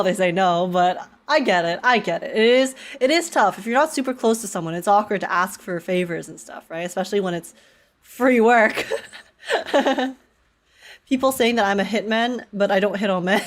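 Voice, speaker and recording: A young woman from Canada chatting and laughing often while live-streaming a game. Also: medium pitch. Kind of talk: live gameplay chat.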